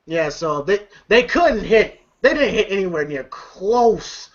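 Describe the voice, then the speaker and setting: A man's voice: high voice, sing-song, slow pace. A man casually retelling a film's scenes to friends, loose and profane, laughing often. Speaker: movie reviewer. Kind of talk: casual movie recap among friends. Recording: dull lo-fi recording.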